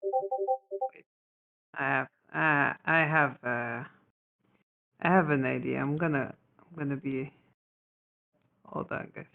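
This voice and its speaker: A man's voice: a little high, expressive, slow, creaky, pauses often, soft background music. A man chatting and joking in a casual group voice chat, laughing often and restarting his sentences. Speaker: voice chat participant. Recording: phone-like voice chat audio.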